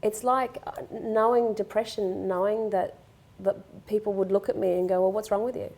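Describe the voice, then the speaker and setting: A woman's voice: medium pitch, steady tone, normal speed, a little mellow. A middle-aged woman talking candidly as a guest in a conversational interview, open and reflective, often quoting herself and others.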